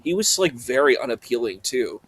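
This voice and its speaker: Hesitant, husky-voiced male panel guest. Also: medium pitch, big pitch swings, a little fast, fairly bright tone, no echo. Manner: hesitant, many fillers and restarts. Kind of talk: casual panel chat.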